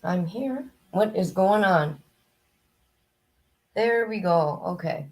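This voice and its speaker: Woman streamer, hoarse and gravelly, loose chatty delivery, greets her regulars by name. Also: medium pitch, lively intonation, slow, a little mellow. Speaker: livestream host. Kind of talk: casual chat to live viewers. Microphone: new desk microphone, headset off.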